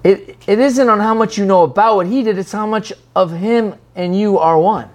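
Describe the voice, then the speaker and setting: Animated preacher acting out voices. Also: medium pitch, moderate pace. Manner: animated, acts out quoted voices, rambling restarts. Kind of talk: sermon.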